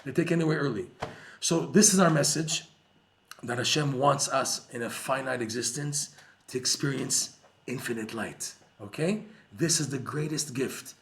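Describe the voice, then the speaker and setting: A man giving a lively Torah class to a live audience, joking and using Hebrew terms. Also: mid-range voice, normal speed, vocal fry, slight background noise. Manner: animated, jokey, uses Hebrew terms. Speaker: Torah teacher.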